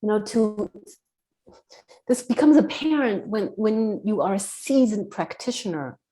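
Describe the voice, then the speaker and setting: A woman telling a personal story as a podcast guest, earnest, acting out dialogue in a hushed voice. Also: medium pitch, animated, measured pace.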